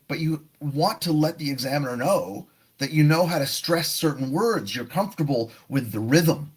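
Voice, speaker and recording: Lively, husky male test prep tutor. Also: mid-range voice. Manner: explanatory, demonstrative. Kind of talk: live online lesson.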